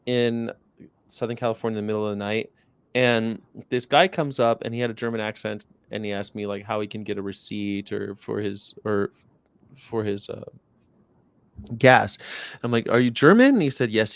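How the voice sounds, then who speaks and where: A man's voice: mid-range voice, clear, resonant tone, no room sound. A man hosts a livestream over a video call, talking casually and drifting through anecdotes with plenty of swearing. His voice sits mid-range and sounds dry and close to the mic. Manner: rambling, profane, anecdotal. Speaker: livestream host. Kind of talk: casual chat.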